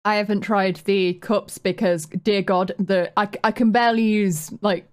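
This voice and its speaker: Woman, slow-paced, measured, podcast chat. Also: medium pitch, steady tone.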